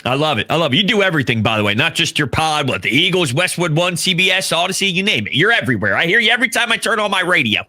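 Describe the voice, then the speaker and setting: A man with a Philadelphia accent hosts a sports talk show, hyped and emphatic as he breaks down the big game. His voice sits high and swings widely in pitch. The tone is sharp and very bright. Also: sing-song, rapid-fire, few pauses. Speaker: podcast host.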